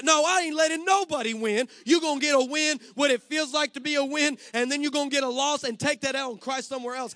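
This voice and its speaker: High, bright-voiced male pastor. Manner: emphatic, punchy preaching. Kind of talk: sermon.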